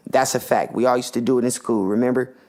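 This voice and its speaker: A man's voice: medium pitch, fairly even intonation, quick pace, a little mellow. A man hosting a podcast, ranting in a passionate, profane, slangy monologue. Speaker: podcast host.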